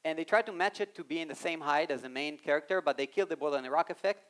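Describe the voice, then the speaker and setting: A man giving an animated live talk on a conference stage, speaking straight to the audience and acting out quoted voices. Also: a little high, rapid-fire. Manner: animated, addresses the audience directly.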